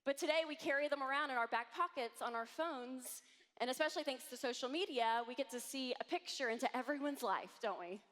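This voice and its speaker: A woman in her thirties giving an animated conference talk to a live audience, acting out voices as she tells stories. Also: high-pitched, a little fast. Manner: animated, acts out quoted voices. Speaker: conference speaker. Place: large hall with audience. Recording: long hall reverb.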